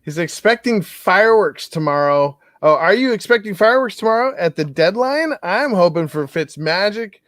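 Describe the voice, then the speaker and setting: A man hosting a podcast in casual sports chat, upbeat and quick to laugh. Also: high voice, animated, fairly bright tone, no echo, clean studio sound. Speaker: podcast host. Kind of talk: casual fantasy football chat.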